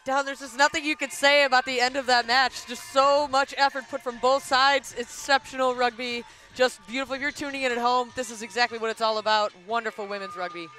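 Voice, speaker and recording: Bright-voiced female rugby co-commentator. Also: high-pitched, steady tone, brisk, hardly any pauses. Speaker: color commentator. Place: commentary booth at an outdoor stadium.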